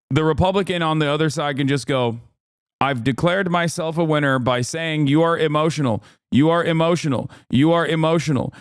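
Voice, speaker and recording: A male streamer talks through a clip in loose, profane, sarcastic commentary. His voice is smooth and resonant, and the sound is close and dry with no room around it. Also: mid-range voice, no room sound. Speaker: streamer reacting to a debate clip. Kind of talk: casual live-stream commentary.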